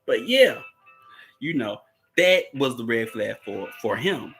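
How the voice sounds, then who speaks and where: A man's voice: mid-range voice, big pitch swings, takes it slowly, a bit bright, faint music behind, low-quality recording. A man with a Southern US accent casually recapping and discussing a TV series, rambling with lots of fillers and frequent laughs. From United States. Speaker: show host. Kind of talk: casual movie recap and commentary.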